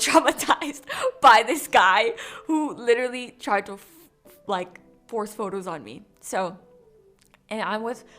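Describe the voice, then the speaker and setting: A woman vlogger telling a casual story-time in an animated, candid way. Her voice sits fairly high. Soft music plays faintly behind her.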